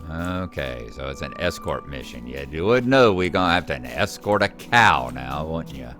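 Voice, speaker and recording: A man's voice: very deep voice, expressive, normal speed, a bit bright, faint music behind. A man chatting casually through his gameplay and teasing the characters on screen. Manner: chatty, talks to the game characters. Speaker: gameplay host.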